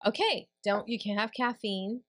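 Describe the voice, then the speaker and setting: A middle-aged woman co-hosting a podcast, telling a personal story in casual chat and quoting others in a lowered voice. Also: normal speed, a bit bright. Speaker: podcast co-host.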